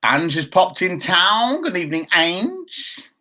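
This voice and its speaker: A man's voice: high voice, big pitch swings, slow, sharp tone. A man in his fifties co-hosting a casual live chat show, chatty and jokey as he reads out viewer comments. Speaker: co-host.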